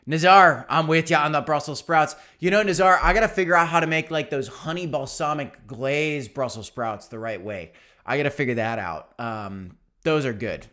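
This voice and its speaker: A young man with a fairly high voice hosts a relaxed livestream. He chats in an upbeat, easygoing way, reading out viewers' comments and answering them one by one. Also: moderate pace. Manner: chatty, upbeat, reads out chat names and answers them. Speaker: crypto channel host.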